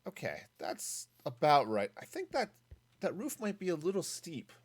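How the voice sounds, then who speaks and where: A streamer builds in a game while casually thinking out loud, reading chat messages and replying along the way. The voice is medium in pitch with huge swings, a moderate pace, and a breathy edge.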